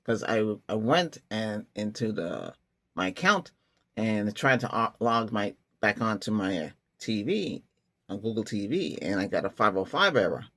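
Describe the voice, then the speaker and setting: A man's voice: fairly low pitch, lively intonation, unhurried, sharp tone. A man hosting a tech channel, talking casually and rambling with many restarts and chuckling asides. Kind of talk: casual rambling vlog talk.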